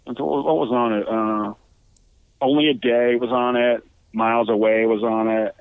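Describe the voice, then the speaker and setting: A man's voice: creaky, clear, resonant tone, dry recording. A man telling band stories over a tinny line. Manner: animated, acts out quotes with raised pitch; halting, many restarts and swearing. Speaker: guest musician. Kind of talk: casual storytelling.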